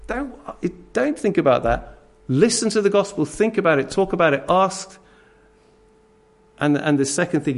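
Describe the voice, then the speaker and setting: A man preaching a sermon, his voice sitting a little high for a man. He speaks with strong emphasis and turns straight to his listeners, pressing commands on them. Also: big pitch swings, moderate pace.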